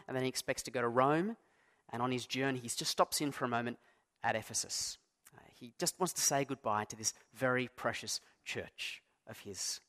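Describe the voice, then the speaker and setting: A man's voice: medium pitch, fairly bright tone. A man preaching a sermon as pastor, conversational and self-deprecating, stressing key words. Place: church.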